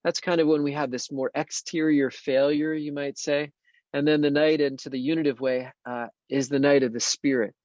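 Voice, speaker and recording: A Benedictine monk and priest, speaking at normal speed in a fairly high, darkish voice with fairly even intonation, talks casually about the spiritual life. He keeps restarting and saying "you know" as he hunts for words, captured in a dull, slightly lo-fi, dry recording.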